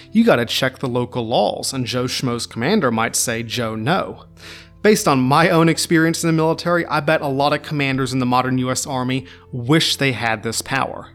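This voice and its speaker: A man's voice: mid-range voice, fairly bright tone. Wry, irreverent male history narrator. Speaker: history podcast host. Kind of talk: scripted narration with jokey asides.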